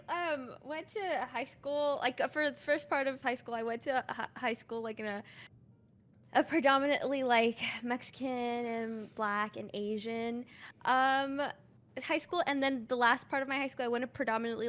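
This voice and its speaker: High-voiced, hesitant young woman. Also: normal speed, a bit bright. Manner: hesitant, many fillers, laughing. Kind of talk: casual group chat.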